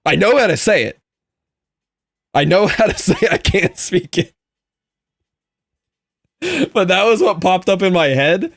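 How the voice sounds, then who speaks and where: A young man streaming a game and chatting casually, telling an animated story with frequent laughs and quick asides. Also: sits high, creaky, no echo. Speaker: Minecraft streamer. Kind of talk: casual live-stream chat with viewers.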